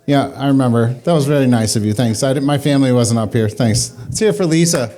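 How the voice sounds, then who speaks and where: A man's voice: mid-range voice, quick pace, mellow, a little hiss or hum. A man hosting a comedy open mic, rambling and self-deprecating as he introduces acts. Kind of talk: casual emcee banter. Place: small venue with audience.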